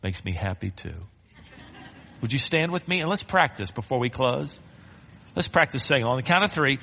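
A man's voice: mid-range voice, lively intonation, normal speed, gravelly, pauses often, pushed and bright. Emphatic male preacher in a reverberant hall. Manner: emphatic, leads the congregation in call-and-response. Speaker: pastor. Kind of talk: sermon. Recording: long reverb of a large hall.

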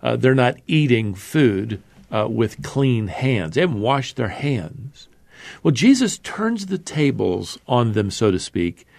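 Gravelly-voiced male Bible teacher. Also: medium pitch, very animated, slow, darkish tone. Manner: conversational, explanatory, with fillers and restarts.

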